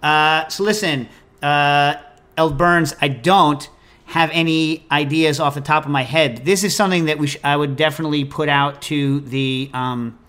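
A podcast host rambles through listener questions in a loose, jokey, animated way. His voice sits a little high for a man. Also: normal speed, smooth. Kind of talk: casual chat.

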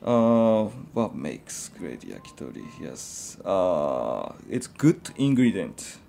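A man who is a chef, chatting as a guest in an interview and speaking in halting, simple phrases with many fillers. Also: sits low, huge pitch swings, gravelly, warm tone, a little hiss or hum. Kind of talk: casual interview chat.

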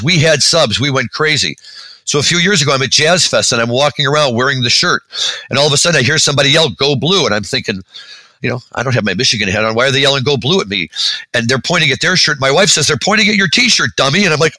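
A middle-aged man co-hosts a podcast, chatting casually and telling rambling stories full of fillers. His mid-range voice is bright with a forceful tone, and the audio is poor but has no echo.

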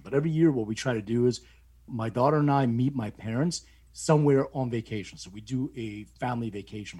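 A middle-aged man with a husky, slightly breathy voice tells a long personal story in easygoing conversation. He keeps his speaking pitch in a middle range and livens it up by mimicking the people he quotes. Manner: animated, acts out quoted voices with rising pitch. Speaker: guest telling a story.

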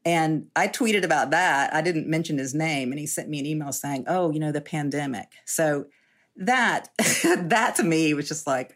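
A woman's voice: sits low, moderate pace. A woman in her sixties telling her story casually as an interview guest, chatty and self-deprecating, often laughing.

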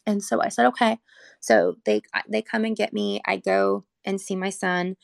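A woman's voice: mid-range voice, sing-song, moderate pace, vocal fry, no room sound. A woman telling a personal story about her son in a rambling, earnest way, full of "like", close to tears at times. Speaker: mother telling her son's hospital story.

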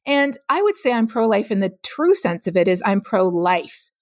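A middle-aged woman, a climate scientist guest on a podcast, explaining her views in an earnest, measured way. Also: mid-range voice, very animated, dry recording, clean studio sound. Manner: earnest, explanatory, laughs easily. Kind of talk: podcast interview.

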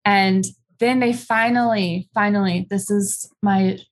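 A woman's voice: mid-range voice, fairly even intonation, takes it slowly. A woman guest in an interview, recounting her own experience candidly and conversationally, with frequent ums and likes. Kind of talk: candid personal storytelling in an interview.

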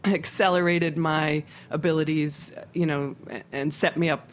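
A middle-aged man from Philadelphia talks about his cooking career in a loose interview chat. He stops and restarts often, padding his sentences with fillers, and his voice sits a bit high. Faint noise hums under the recording. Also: steady tone. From Philadelphia, USA. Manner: halting, with many fillers and restarts. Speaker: restaurant owner and chef, guest. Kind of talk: casual interview conversation.

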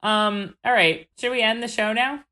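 Bright-voiced woman podcast co-host, animated. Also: on the high side. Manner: animated, swearing, quick to exclaim. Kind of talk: casual chat.

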